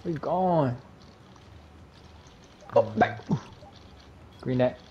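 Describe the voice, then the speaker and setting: A man's voice: a little high, extremely slow, warm tone, husky, muffled recording. A young man joking and laughing in casual chat while gaming. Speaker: gamer.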